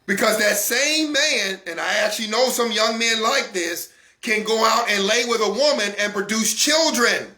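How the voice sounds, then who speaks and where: A man hosting a Christian broadcast speaks in an emphatic, intense way, hammering the same phrases repeatedly and refusing to calm down. His high-pitched voice moves at a moderate pace in this impassioned talk. The room sounds echoey.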